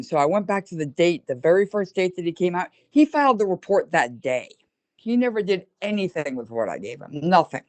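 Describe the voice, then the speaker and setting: A woman on a video call telling a story in a casual way, acting out what other people said and speeding up in rushed bursts. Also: on the low side. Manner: animated retelling, acting out quoted dialogue. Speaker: caller recounting her experience.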